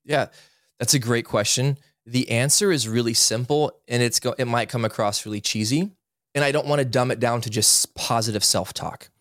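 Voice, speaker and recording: Podcast guest in his thirties, earnest and lively, mid-pitched voice, dry studio sound. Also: normal speed, dry recording. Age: 30s. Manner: earnest, animated, acts out quotes. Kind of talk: candid interview storytelling.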